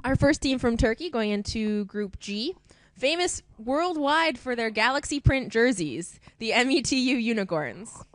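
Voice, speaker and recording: A woman's voice: a little high, expressive, unhurried, hardly any pauses, slight background noise. A young woman presenting a sports group draw in a casual, chatty way, laughing often between team names. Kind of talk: casual live announcing.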